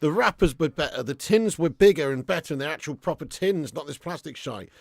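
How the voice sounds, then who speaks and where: Male streamer, raised-pitch gravelly voice, loose sweary banter with chat, dry close sound. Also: lively intonation, brisk, dry recording. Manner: chatty banter reading out viewer comments, swears and laughs often. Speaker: live-stream host. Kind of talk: casual live watch-along chat.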